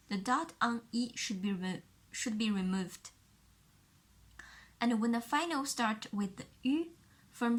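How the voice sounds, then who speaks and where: A woman with a Chinese accent teaching a pinyin lesson, explaining sounds slowly and carefully and repeating each one for the learner. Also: a little high, fairly bright tone. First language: Mandarin Chinese.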